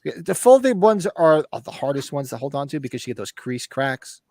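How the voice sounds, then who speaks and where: A man's voice: a little high, big pitch swings, normal speed, a little mellow, dry recording, clean studio sound. Profane, rambling podcast co-host man. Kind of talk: casual chat.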